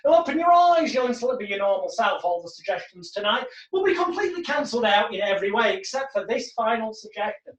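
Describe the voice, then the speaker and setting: A man's voice: high voice, fast talker, hardly any pauses. Man teaching in a roomy, distant recording. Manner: lively storyteller who acts out quotes. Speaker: hypnosis trainer. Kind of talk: casual teaching monologue. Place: home room in front of a backdrop. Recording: roomy, distant, dull sound.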